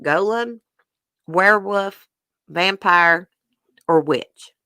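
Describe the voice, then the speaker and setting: A chatty livestream host reads trivia questions aloud and answers viewers' guesses, mouth now and then full of food. The voice sits at a middling pitch. The sound is dry and close, with no room around it. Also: drawn-out words, bright, forceful tone, clear, resonant tone, no echo. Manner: talks while chewing a brownie. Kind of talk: casual livestream trivia chat.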